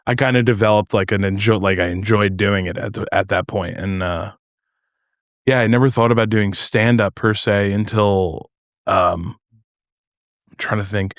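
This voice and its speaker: A man's voice: on the low side, steady tone, normal speed, no room sound, studio quality. A young man from North New Jersey, a comedian guest chatting casually on a podcast, rambling and hesitant with many fillers.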